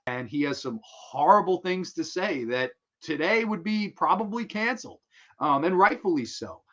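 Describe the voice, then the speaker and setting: A man hosting a live show, rambling and swearing freely as he gets worked up. His voice sits at a mid pitch, and the sound is dull and lo-fi. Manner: profane, rambling, excitable. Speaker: host. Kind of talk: casual live show monologue.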